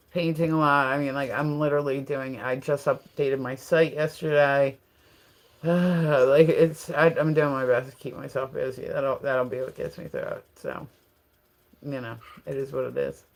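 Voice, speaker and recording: Livestream host, loose and rambling, heavy on fillers, laughs often. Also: mid-range voice. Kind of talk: casual livestream chat.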